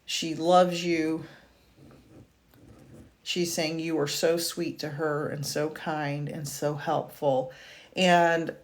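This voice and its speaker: A woman doing a live-streamed psychic reading, speaking softly and haltingly with many fillers, at times close to tears. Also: fairly low pitch. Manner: slow, soft-spoken, halting with fillers and restarts; emotional, tearful at moments. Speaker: psychic medium. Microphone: video call or stream mic.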